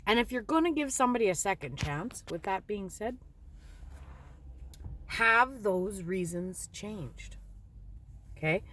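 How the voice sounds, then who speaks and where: A middle-aged woman telling stories in a casual, animated way, laughing and swearing lightly. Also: medium pitch, a little slow, long pauses, a little hiss or hum. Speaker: card reader. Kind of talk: casual storytelling.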